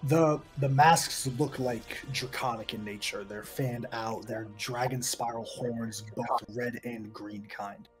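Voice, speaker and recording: A man running a tabletop game as game master, his mid-pitched voice laying out the scene in measured, descriptive narration. He paces the story steadily. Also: fairly even intonation, faint music behind.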